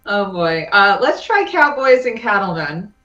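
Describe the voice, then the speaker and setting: A woman's voice: medium pitch, big pitch swings, measured pace, bright, forceful tone, lo-fi sound. A middle-aged woman playing a casual quiz game, choosing categories and giving answers with some hesitation. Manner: hesitant, picks categories with little sighs of "oh, boy". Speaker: quiz contestant.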